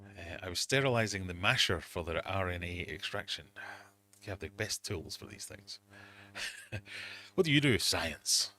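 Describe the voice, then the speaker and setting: A man's voice: low-pitched, moderate pace, bright, forceful tone, slight background noise. A middle-aged man hosting a casual livestream from his home fish room, telling rambling, self-mocking stories. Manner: rambling, self-mocking storytelling with quoted asides. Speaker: livestream host.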